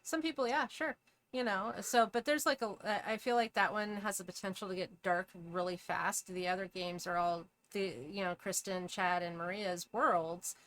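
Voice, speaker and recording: A woman's voice: medium pitch, steady tone, a bit bright. Chatty woman co-hosting a game talk. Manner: chatty, casual, quick agreement. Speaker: co-host. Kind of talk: casual podcast chat.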